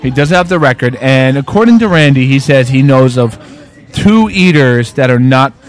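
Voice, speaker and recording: A man's voice: medium pitch, expressive, moderate pace. A man co-hosting a podcast in casual chat, rambling with many restarts, recorded in a resort bar. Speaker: podcast co-host. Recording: faint bar music behind.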